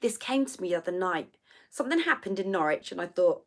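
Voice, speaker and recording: A woman's voice: lowish voice, lively intonation, quick pace, a bit bright. A middle-aged woman, chatting casually as host of a livestream and telling stories with plenty of asides. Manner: chatty storytelling with laughs and asides. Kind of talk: casual chat.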